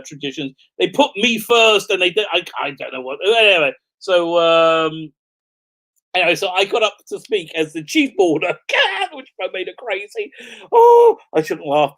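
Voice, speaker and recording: A man's voice: high-pitched, fairly bright tone. Middle-aged man, rabbi hosting a casual livestream, rambling storytelling, laughs often, stumbles and restarts. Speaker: rabbi and show host.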